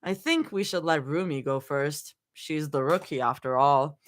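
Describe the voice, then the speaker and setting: A woman voicing a dry but playful young woman who teases her friend, in a lower voice than her own. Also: moderate pace, natural voice. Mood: teasing.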